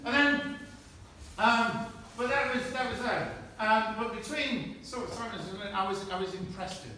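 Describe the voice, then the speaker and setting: A middle-aged man giving an informal farewell speech to friends, halting and anecdotal, with many restarts and chuckles, recorded on a phone from across a room. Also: sits high, sharp tone. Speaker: retiring army medic giving a farewell speech. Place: indoor gathering in a historic hall at night. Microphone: friend's phone held at a distance. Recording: distant phone recording, very echoey room, audible noise. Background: room ambience of a gathering.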